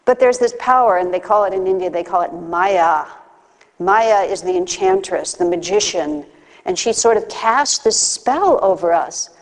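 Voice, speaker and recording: In a hall with long reverb, a woman with a medium-pitched, expressive voice speaks at a normal pace. She gives a conversational spiritual talk, weaving teaching together with personal stories and playful acted asides.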